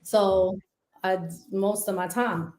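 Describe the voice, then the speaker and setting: A woman's voice: medium pitch, takes it slowly, roomy sound. A young woman guest telling her story in a casual interview. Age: young adult. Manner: animated, retelling prison routines.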